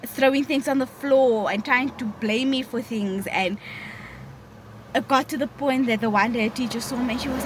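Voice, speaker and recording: Young woman telling a story, fairly high voice, candid and chatty, loud traffic noise behind. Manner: candid and conversational. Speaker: vlogger. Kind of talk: personal storytelling.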